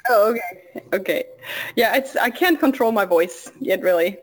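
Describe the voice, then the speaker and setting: A woman on a coaching call, quick and a little self-conscious. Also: medium pitch, a little hiss or hum. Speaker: coaching client.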